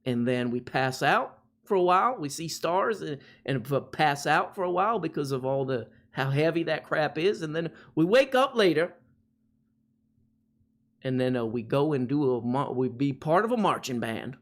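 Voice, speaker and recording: A man's voice: on the high side, lively intonation, normal speed. A man voicing a cheery Cajun man from New Orleans, folksy and boastful about fried food. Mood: jolly.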